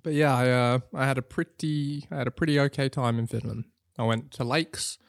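A man chatting casually on a podcast, swearing and joking as he tells stories. His voice sits at an ordinary middle pitch. The sound is dry and close to the mic. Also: fairly even intonation, a little fast, vocal fry, no room sound. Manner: crude, joking storytelling. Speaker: podcast co-host. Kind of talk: casual chat.

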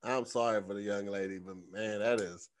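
Slangy, animated podcast co-host man. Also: fairly low pitch, moderate pace. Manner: animated, slangy, repeats words for comic effect. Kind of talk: casual chat and host-read ad.

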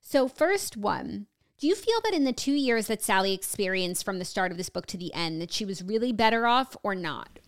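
A woman's voice: mid-range voice, animated, normal speed. A woman hosting a casual book club podcast, chatty and full of fillers. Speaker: podcast host.

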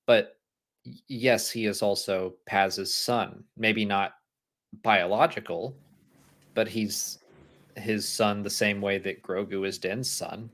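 Male co-host, low-pitched, easygoing live-stream banter, frequent laughs. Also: slow pace. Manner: animated, laughs often, reads super chats aloud. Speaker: podcast co-host. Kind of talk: casual live-stream chat.

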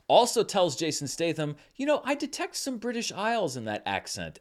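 A man delivering a scripted film review in an animated, wry and incredulous manner. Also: high-pitched. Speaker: film critic.

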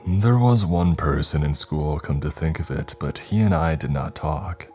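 A man's voice: rumbling low, normal speed, a little mellow, faint music behind. A man voicing a middle-aged male school principal who blusters, then pleads defensively.

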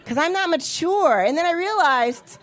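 A woman's voice: very high voice, moderate pace, some chatter behind. A woman in her thirties doing a brash, profane stand-up comedy set. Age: 30s. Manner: brash, profane, animated with voiced impressions.

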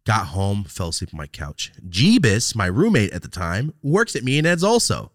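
A young man hosting a podcast, telling a long story in casual, profane chat and jumping into loud quoted outbursts. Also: fairly low pitch, very animated, moderate pace, no room sound, clean studio sound. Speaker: podcast host.

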